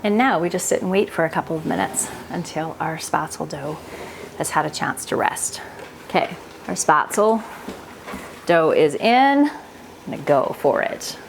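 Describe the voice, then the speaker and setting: In a fairly low, creaky, unhurried voice, a Canadian-accented woman vlogs from her home kitchen, chatting casually as she cooks. She laughs easily and muses aloud, with a little hiss or hum on the recording.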